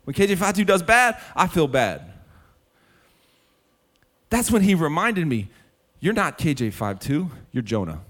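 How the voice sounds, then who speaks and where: A male preacher and musician delivering a sermon, telling stories animatedly to the congregation and then dropping to a hushed, earnest tone. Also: a little high, measured pace, long pauses. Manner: animated storytelling with sudden drops to a hushed, earnest tone; direct address to the congregation.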